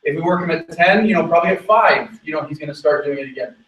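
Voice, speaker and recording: A man teaching dog training on location, talking through his method while calling out quick commands to the dog. His voice sits a little higher than most men's and sounds roomy and echoey, picked up from some distance away. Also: fairly bright tone, dull audio.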